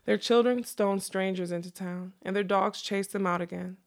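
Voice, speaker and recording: A woman reading a fantasy novel aloud in an unhurried way, dropping in quick casual asides. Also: mid-range voice, steady tone. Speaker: reader.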